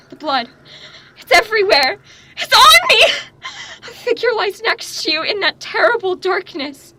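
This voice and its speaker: A woman's voice: sits high, sharp tone, full character voice. A young woman, a student actor, playing a raving young prophetess princess in a stage tragedy, swinging between frenzied cries and grief. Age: young adult. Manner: frenzied outbursts and anguished cries.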